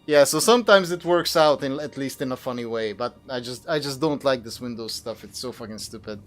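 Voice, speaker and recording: Here the young male streamer talks briskly in a mid-range voice, narrating his gameplay as it happens. He curses and grumbles throughout, exasperated at the enemy and at his computer.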